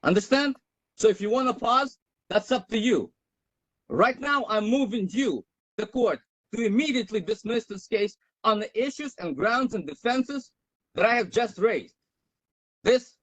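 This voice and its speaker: Man defendant, combative and insistent, high for a man, dry close sound. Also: dry recording, low-quality recording. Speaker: defendant in traffic court. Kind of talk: arguing his case.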